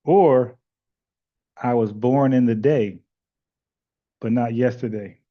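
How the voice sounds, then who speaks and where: A man's voice: mid-range voice, slow. Blunt argumentative man on a muffled stream. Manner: blunt, argumentative, lots of "like" and restarts. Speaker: podcast host taking callers. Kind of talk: casual live-stream chat with callers. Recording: muffled lo-fi audio.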